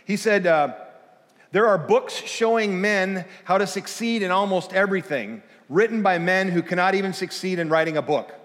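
A man giving a conversational guest sermon, animated and self-deprecating, acting out dialogue as he tells a story. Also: high-pitched, normal speed, long reverb tail. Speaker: guest speaker. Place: church auditorium.

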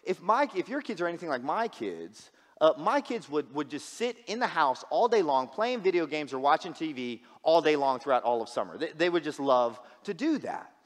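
A man's voice: a little high, sing-song, moderate pace, few pauses, in a large hall. A man preaching a sermon as a guest pastor, casual and joking, often repeating words as he restarts. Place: church sanctuary.

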